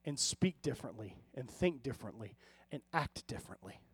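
A man's voice: medium pitch, sing-song, brisk, breathy edge, no room sound. A male pastor preaching a conversational sermon, telling humorous stories and often checking in with his listeners. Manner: conversational preaching with frequent audience check-ins; humorous storytelling.

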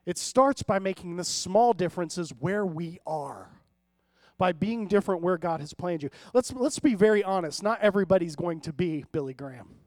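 A man with a notably high voice preaches a sermon in a relaxed, conversational way. He keeps checking in with his listeners and slips into humorous storytelling. The sound is dry and close. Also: moderate pace, no echo. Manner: conversational preaching with frequent audience check-ins. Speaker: pastor.

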